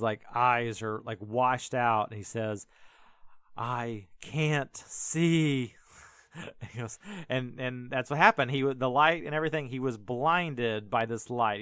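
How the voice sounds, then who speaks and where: A man hosting a casual podcast retells a Bible story in a loose, filler-heavy way, tossing in jokes as he goes. His voice is smooth and clear. It is recorded close in a dry space. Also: mid-range voice, a bit bright, no room sound. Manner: rambling, filler-heavy, joking asides. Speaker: podcast host.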